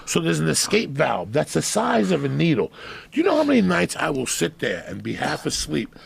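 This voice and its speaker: A man in his fifties telling a loud, profane story in casual conversation, often breaking into laughter. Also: fairly high pitch, wildly swooping pitch, fairly quick, vocal fry, slight background noise. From New Jersey. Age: 50s. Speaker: comedian guest.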